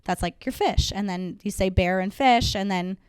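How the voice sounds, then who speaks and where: A woman's voice: moderate pace, a little mellow, clean tone, no room sound, clean studio sound. A young woman dog trainer talking in a casual interview, upbeat and filling her speech with "like". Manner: upbeat, uses "like" a lot, acts out dogs and owners in higher voices.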